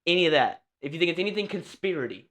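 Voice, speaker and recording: A young man hosting a podcast with his father, earnest and easily flustered, talking in quick bursts. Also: a little high, expressive, a bit bright. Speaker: podcast host, son. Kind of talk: casual chat.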